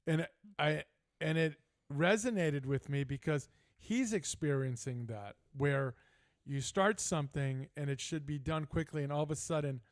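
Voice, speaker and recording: An older man chatting on a sports talk show, telling everyday stories with lively asides. His voice sits fairly high for a man and sounds dry and close, with no room echo. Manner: storytelling, animated, laughing asides. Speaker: host. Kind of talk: casual chat.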